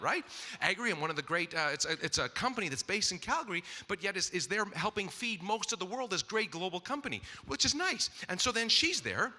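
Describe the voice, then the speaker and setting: A man acting as master of ceremonies, telling a comic story to a live audience in a breathless, excitable way with frequent asides. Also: sits high, fairly quick. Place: large gala event hall. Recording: reverberant live hall.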